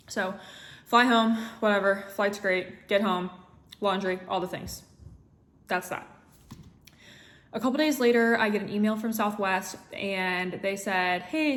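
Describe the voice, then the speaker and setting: A young woman talks straight to her camera, retelling a rough travel day. She is chatty and animated, sprinkling in fillers as she goes, with a voice pitched right in the middle for a woman. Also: normal speed. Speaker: travel vlogger. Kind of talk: casual storytelling vlog.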